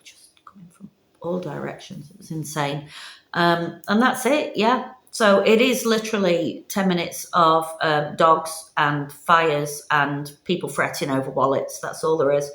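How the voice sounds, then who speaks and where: A woman's voice: low-pitched, unhurried, a bit bright. A woman, chatting casually and rambling a little, filler words dotted through as she vlogs. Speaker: vlogger. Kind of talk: casual vlog chat.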